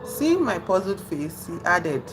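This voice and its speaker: A woman hosting a casual livestream, chatty and full of fillers, teasing her quiet chat. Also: on the low side, measured pace, over music, low-quality recording. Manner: chatty, trails off with fillers, teases an unresponsive chat. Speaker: live streamer. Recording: steady background noise.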